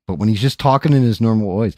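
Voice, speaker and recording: Talking fast in a lowish, somewhat mellow voice, a streamer rambles through casual chat while painting on his livestream. His offhand remarks are laced with profanity, and the recording is clean studio sound without echo.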